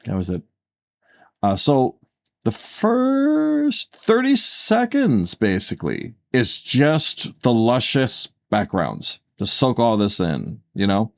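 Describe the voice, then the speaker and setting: With a lowish, expressive voice and a slow pace, this co-host talks through things casually on a podcast. He rambles, fills gaps with filler words, and often backs up to correct himself.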